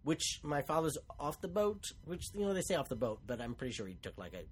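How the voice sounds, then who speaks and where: A man co-hosting a comedy podcast in casual banter, sarcastic and quick, getting over a cold. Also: on the high side, big pitch swings. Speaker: podcast co-host.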